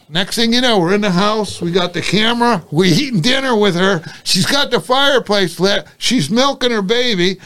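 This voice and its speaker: Older guy with a higher voice spinning a cop story, swears a lot, acts out all the voices. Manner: animated, profane, acts out quoted dialogue. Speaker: podcast guest, retired private investigator. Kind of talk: casual storytelling.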